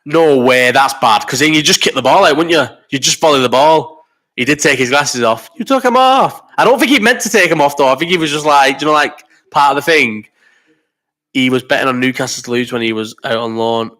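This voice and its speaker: Rambling man in his thirties, crisp mid-pitched voice, sweary chat-show host, a little ill and coughing. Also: bright, forceful tone. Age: 30s. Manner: rambling and sweary, quick banter. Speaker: host of a live chat stream. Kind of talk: casual chat reading viewer comments.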